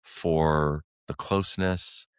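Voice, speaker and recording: A middle-aged man, a podcast guest, telling a personal story in an earnest, halting way with many fillers and restarts. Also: rumbling low, steady tone, smooth, dry recording.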